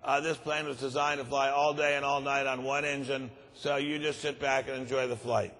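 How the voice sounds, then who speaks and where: A man's voice: medium pitch, level tone, moderate pace, a bit bright, natural voice. A man voicing a cheerfully polite airline pilot who hesitates with many ums, echoing in a large hall. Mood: cheerfully apologetic. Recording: long reverb of a large conference hall.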